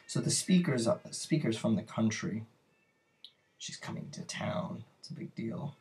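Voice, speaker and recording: A man's voice: lowish voice, animated, unhurried, a little mellow. A man teaching a poetry lesson, talking it through thoughtfully and searching for words as he explains.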